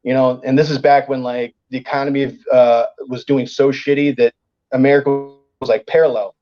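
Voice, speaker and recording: Soft music plays behind a brisk, mid-range male voice with its highs cut off. He's a comedian guest telling a profane, casual story, animated as he mimics the voices of its characters.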